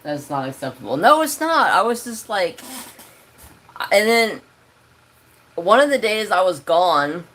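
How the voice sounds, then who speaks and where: A man's voice: sits high, a little slow, pauses often. Man ranting through a casual story. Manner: animated ranting, swears freely. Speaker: crafting channel host.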